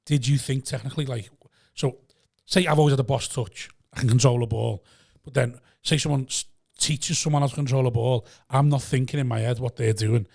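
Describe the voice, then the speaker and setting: A man's voice: mid-range voice, steady tone, a little fast, creaky, few pauses, darkish tone. A man co-hosting a podcast, asking long rambling questions full of restarts. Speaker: podcast co-host, stand-up comic. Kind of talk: casual podcast chat.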